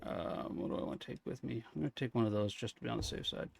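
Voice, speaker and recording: A man streaming live gameplay, talking his way through the hunt in a relaxed, friendly ramble. He greets viewers by name and thinks aloud between moves, his voice sitting at an everyday middle pitch. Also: fast, vocal fry, a little hiss or hum. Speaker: game streamer.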